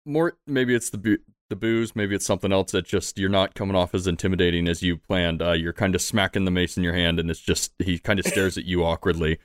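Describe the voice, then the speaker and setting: Low-voiced man running a tabletop game. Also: steady tone, a little fast, hardly any pauses, no room sound. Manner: easygoing, laughs often. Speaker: game master.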